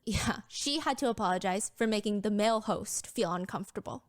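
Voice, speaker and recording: A woman hosting a commentary show, narrating a story and reading out comments in a brisk, pointed, incredulous way. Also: medium pitch. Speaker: commentary podcast host. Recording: played back inside a reaction video.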